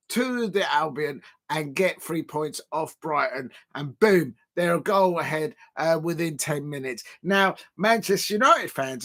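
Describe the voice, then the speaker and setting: A man hosting a live football watch-along, chatting to viewers and shouting excitedly when goals go in. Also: on the high side.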